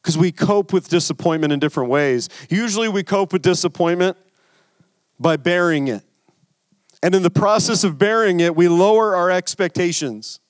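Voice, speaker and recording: A man preaching a sermon in a loose, conversational way, stumbling over and repeating words as he goes. His voice sits a bit higher than most men's. The sound is dry, with no room around it. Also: normal speed, dry recording. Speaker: pastor.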